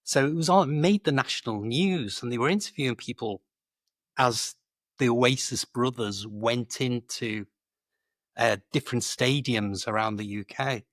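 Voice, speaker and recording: A man who coaches English, chatting in a lively, animated way about British expressions, laughing easily and often saying "do you know". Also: mid-range voice, unhurried, no room sound, clean studio sound.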